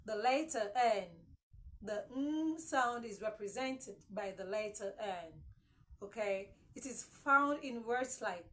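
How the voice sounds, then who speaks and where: A woman's voice: on the high side, animated, a bit bright. A woman teaching English consonant sounds, repeating each word several times and checking in with "okay?". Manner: repeats words slowly, asks "okay?" often. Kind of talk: classroom-style lesson. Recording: faint background noise.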